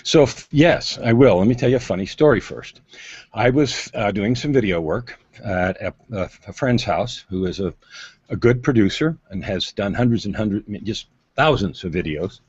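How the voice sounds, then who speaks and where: A man's voice: lowish voice, animated, moderate pace, darkish tone, slightly rough, no echo. A man being interviewed as an on-camera presence coach, telling stories dramatically over a video call with emphatic shifts in pace. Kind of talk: animated storytelling interview. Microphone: video call mic. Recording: muffled lo-fi video call audio.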